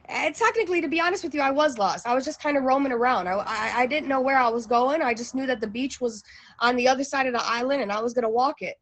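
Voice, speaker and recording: A woman's voice: high voice, fast talker. A woman telling a personal travel story in a casual, chatty way, full of fillers and restarts.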